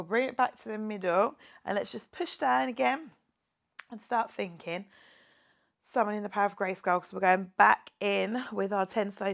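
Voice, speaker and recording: Woman fitness instructor, jokey, upbeat rep counting, guided workout, mid-pitched voice. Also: gravelly, a bit bright. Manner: playful, jokey, counts reps aloud and cheers on. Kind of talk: guided home workout class.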